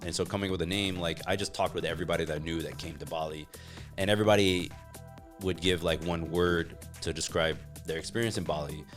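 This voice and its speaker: A man speaking as a podcast guest in casual interview chat, relaxed and full of "like" fillers. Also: low-pitched, quick pace, soft background music. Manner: relaxed, filler-heavy talk with frequent "like". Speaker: podcast guest, gym co-founder.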